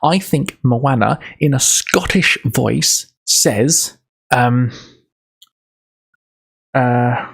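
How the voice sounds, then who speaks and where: Gravelly rambling streamer man. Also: medium pitch. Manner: rambling, self-interrupting, quick to laugh. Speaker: livestreamer reading a book aloud. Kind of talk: casual livestream chat and book reading.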